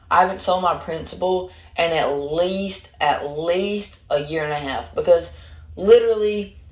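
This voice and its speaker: Slangy dude rambling through a story, echoey room sound. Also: male voice, on the high side, darkish tone. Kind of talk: storytime narration. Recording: roomy echo.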